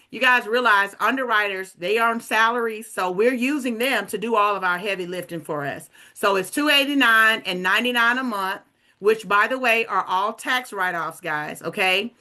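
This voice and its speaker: A woman hosting a recruitment call, pitching with upbeat energy and calling her listeners "guys.". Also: sharp tone. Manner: hyped, addresses listeners as guys.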